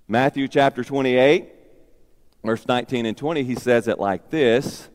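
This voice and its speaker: A man's voice: medium pitch, sing-song, normal speed, long reverb tail. A man preaching a sermon as pastor, emphatic and repeating his key phrases.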